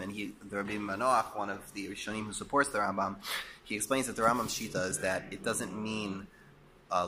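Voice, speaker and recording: A man teaching a Torah class, explaining and posing rhetorical questions, a bit hoarse and coughing as he loses his voice. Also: fairly low pitch, noisy background. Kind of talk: lecture.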